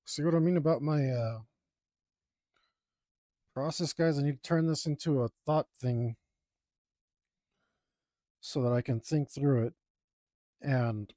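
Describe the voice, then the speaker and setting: A man chatting casually as he works on his art, rambling and joking at his own expense, with loud groans at the dull parts. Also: mid-range voice, unhurried, long pauses, no echo, studio quality. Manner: rambling, self-deprecating, groans and sighs aloud. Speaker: artist streaming his drawing process. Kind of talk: casual talk while working.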